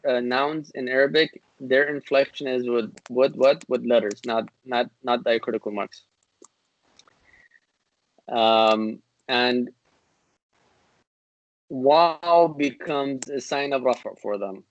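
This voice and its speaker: A man's voice: medium pitch, rough recording. A man teaching an online grammar class, patient and repetitive, with many fillers and restarts.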